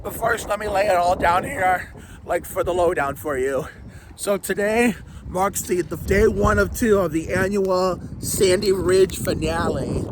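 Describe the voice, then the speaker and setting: A man with a sore, raspy throat talking casually to his vlog viewers, rambling and restarting sentences as he goes. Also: high voice, measured pace, slight background noise, low-quality recording. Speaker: vlogger.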